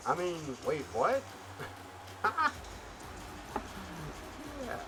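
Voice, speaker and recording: A man's voice: a little high, huge pitch swings, drawn-out words, background noise. A man casually commentating as he streams a wrestling game. He rambles and jokes, with lots of fillers and restarts. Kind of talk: casual chat.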